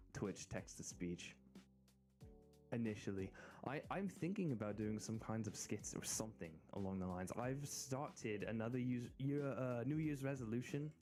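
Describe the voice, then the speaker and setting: An American man streaming, chatting casually and excitedly in rambling asides. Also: medium pitch. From United States. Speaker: VTuber streamer. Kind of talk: casual live-stream chat.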